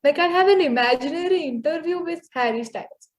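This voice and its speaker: A woman's voice: high voice, expressive, fairly quick. A teenage girl, co-hosting a podcast with playful, teasing banter. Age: teens. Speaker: podcast co-host. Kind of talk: casual chat.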